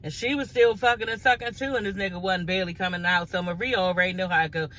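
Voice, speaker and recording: Bright-voiced blunt gossiping woman. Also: lowish voice, fairly even intonation, fast, slight background noise, poor audio. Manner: blunt, profane, talks straight to viewers. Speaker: reality TV recap vlogger. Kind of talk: casual gossip recap.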